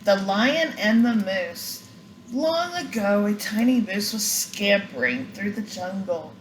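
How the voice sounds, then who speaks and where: An older woman reads a children's storybook aloud at a slow, unhurried pace. Her delivery is gentle and expressive, in a mid-range voice. The room around her is echoey, with faint ambient noise behind. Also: medium pitch. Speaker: grandmother reading aloud. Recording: roomy echo, faint ambience.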